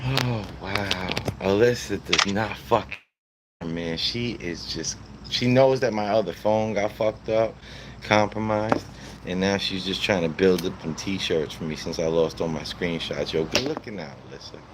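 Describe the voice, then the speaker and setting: A man's voice: sits low, measured pace. A man casually chatting with his live stream audience, loose and profane, talking to viewers in chat by name. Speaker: livestreamer. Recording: background noise.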